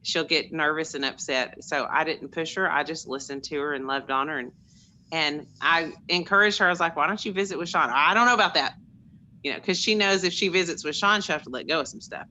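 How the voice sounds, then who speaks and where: A woman's voice: low voice, fairly quick, pushed and bright, a little hiss or hum. A middle-aged woman, sharing personal stories in an earnest, chatty way on a group call. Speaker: call participant.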